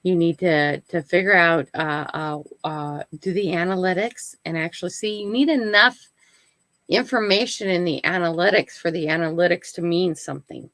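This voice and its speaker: A woman's voice: fairly low pitch, normal speed, a bit bright, no echo, low-quality recording. An older woman hosting her own live stream, chatting casually to viewers and often checking in with "right?" and "okay?". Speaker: channel host.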